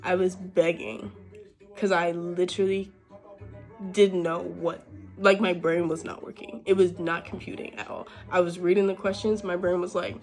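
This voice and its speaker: Candid young woman vlogger, expressive. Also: medium pitch, fairly quick, soft background music. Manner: candid and expressive, swears freely. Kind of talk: casual chat while getting ready.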